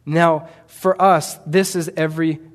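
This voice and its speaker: A man's voice: fairly high pitch, level tone, measured pace. Earnest male preacher in a reverberant hall. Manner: earnest, building to fervent emphasis. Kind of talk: sermon with a missionary story. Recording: long reverb of a large hall.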